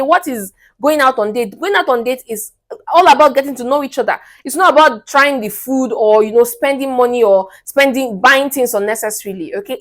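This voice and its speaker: A young woman hosting a relationship advice vlog, speaking bluntly and emphatically and often checking in with listeners. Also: on the high side.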